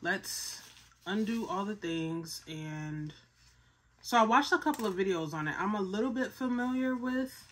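A young woman from Philadelphia excitedly unboxing on her vlog, repeating herself and stumbling over her words. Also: mid-range voice, measured pace. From Philadelphia, USA. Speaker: vlogger.

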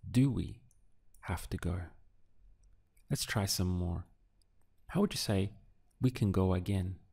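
A man in a recorded lesson, patient and deliberate, pausing for the learner to answer. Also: low-pitched, creaky, darkish tone, slightly rough. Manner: slow, patient drills with pauses for the learner. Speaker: language teacher.

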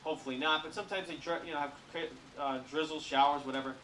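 A man giving a comic cruise ship briefing to an audience, full of deadpan jokes and asides. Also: on the high side, fast talker, distant mic, slight background noise. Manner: jokey deadpan patter with asides. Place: ship lounge. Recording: echoey room, camcorder from afar.

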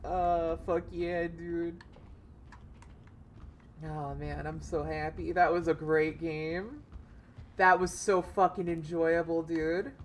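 Excitable swearing woman streamer. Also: lowish voice, slow, long pauses, slight background noise. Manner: excitable, swears freely, thinks aloud. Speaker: game streamer. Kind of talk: casual gameplay commentary.

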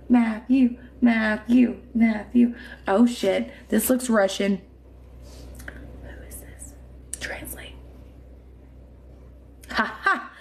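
A woman's voice: a little high, creaky, a little mellow. Tipsy, giggly woman livestreaming from home. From Indiana, USA. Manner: chatty, giggly, swears freely, tipsy. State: a little drunk. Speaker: livestream host. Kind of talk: casual live-stream chat reading comments. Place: home room with mounted trophies.

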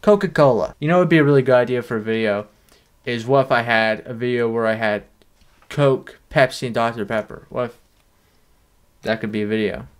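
A young man in a deadpan, rambling comedic monologue, swearing freely as he goes. His voice sits at an ordinary middle pitch, with a dry, offhand delivery. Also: brisk, smooth. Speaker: vlogger. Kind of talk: comedic sticker review vlog.

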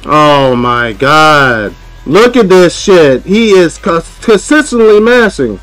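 High-voiced man ranting over gameplay. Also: very animated, takes it slowly, fairly bright tone, no echo, soft background music, low-quality recording. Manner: frustrated ranting, repeats himself, profane. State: aggravated. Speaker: gaming streamer. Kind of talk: live gameplay commentary.

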